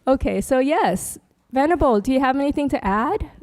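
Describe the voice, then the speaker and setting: A woman's voice: high voice, expressive, a little fast, a little mellow. A woman, a Buddhist nun, giving a chatty, joking dharma workshop talk with slides. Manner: chatty, joking asides, laughs often.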